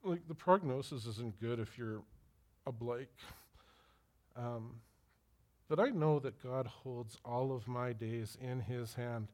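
A man's voice: mid-range voice, slow, darkish tone. A middle-aged man preaching a sermon as pastor, telling personal stories and putting direct questions to his listeners.

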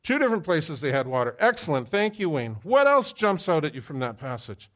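A man, a pastor preaching a sermon to a live congregation, telling stories with lively swings in his voice and quizzing his listeners. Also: a little high, brisk. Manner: animated storyteller who quizzes the congregation. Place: church hall with live audience.

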